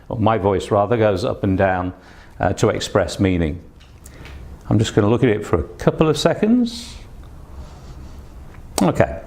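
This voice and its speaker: Low-ish and darkish, this male voice belongs to an English test teacher giving an online exam-prep lesson. His manner is patient and instructive, and "uh" and "um" come up often between points.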